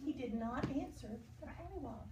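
A woman teacher giving an interactive storybook read-aloud to children, animated and often asking the listeners questions. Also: sits high, moderate pace, noisy background. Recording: roomy room from far off.

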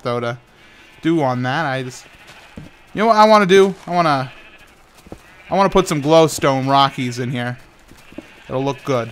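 A tired young man who runs a gaming channel rambles while building in Minecraft, often stammering and restarting, and throwing in playful sound effects. His voice is fairly high and fairly bright, with a clear, resonant tone.

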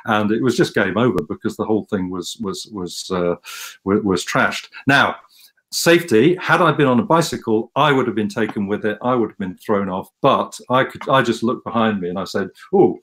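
A man from England with a somewhat low voice talks casually over slides on a video call. He rambles, repeats words and pokes fun at himself as he goes. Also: moderate pace, a bit bright, a little hiss or hum. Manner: rambling, repeats words, self-deprecating humor. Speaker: guest musician giving a slide talk.

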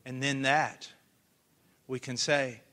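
A man preaching a sermon with passion, swinging from hushed earnest tones to loud cries. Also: medium pitch, level tone, slow.

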